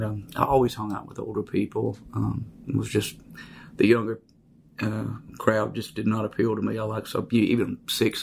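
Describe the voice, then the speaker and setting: A man, telling his life story in a halting, reflective way with many fillers. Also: on the low side, creaky, a little mellow, a little hiss or hum. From Mississippi, USA.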